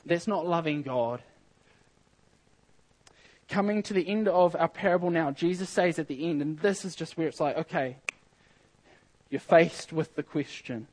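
A man delivering a sermon with an earnest, emphatic manner. His voice sits a bit higher than most men's, and he reads scripture aloud, circling back on words as he presses each point. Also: a little slow, long pauses, a little mellow, rough recording. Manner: earnest, emphatic, with reading of scripture and repeated phrases. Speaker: preacher.

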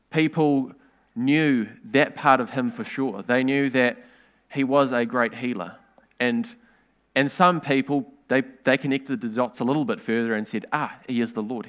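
A man preaching a sermon in an earnest, measured way, asking rhetorical questions. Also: mid-range voice, fairly bright tone, clean tone.

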